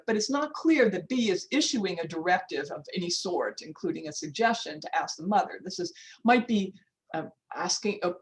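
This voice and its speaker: An older US-born woman with a fairly low voice lectures on linguistics over a video call as part of a professor's workshop talk. Chatty and informal, she often restarts, adds asides, and reads off the time. The recording quality is low.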